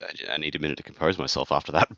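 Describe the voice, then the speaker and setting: A man's voice: extremely low pitch, steady tone, racing, pushed and bright, no echo, dull audio. A man co-hosting a casual book podcast, talking bluntly, swearing freely and laughing often. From outside the United States. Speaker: podcast co-host. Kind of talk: casual book-club chat.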